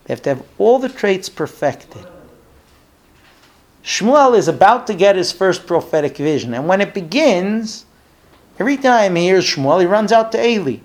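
High-voiced man teaching a Bible story. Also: sing-song. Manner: storytelling with acted-out dialogue, asks listeners questions; halting, repeats words when thinking. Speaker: Torah teacher. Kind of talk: classroom Bible lesson.

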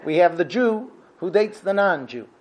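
A man giving an animated religious lesson, retelling a story and acting out the characters' lines. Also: high voice, moderate pace. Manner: lively, acts out quotes in voices. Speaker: teacher giving a religious talk.

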